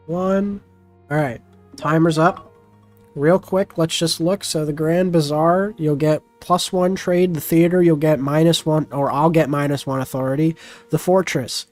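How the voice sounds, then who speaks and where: A man hosting a live stream, talking casually to his viewers and calling out bids in a quick auctioneer patter. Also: on the high side, a little mellow. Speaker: streamer hosting a game with chat.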